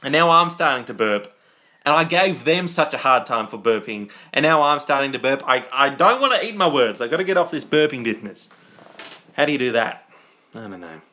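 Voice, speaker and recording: An Australian man in his young adult years chats through a livestream, answering viewer comments off the cuff. His voice is bright and forward, sitting at an ordinary middle pitch. He rambles, restarts and slips into silly asides. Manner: rambling and goofy, with playful asides. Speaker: livestream host. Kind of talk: casual live-stream chat reading viewer comments.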